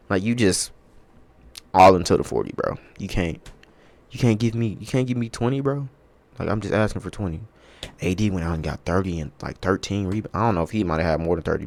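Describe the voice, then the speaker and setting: A young man hosting a casual sports podcast on his own, talking in a loose, profane way that swings between loud outbursts and low muttering. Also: brisk. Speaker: podcast host. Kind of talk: casual sports talk monologue.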